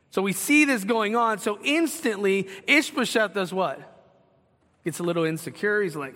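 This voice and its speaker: Male preacher, high and bright, lively teaching sermon with questions. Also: normal speed, in a large hall. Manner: animated teaching with questions to the congregation. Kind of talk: expository sermon.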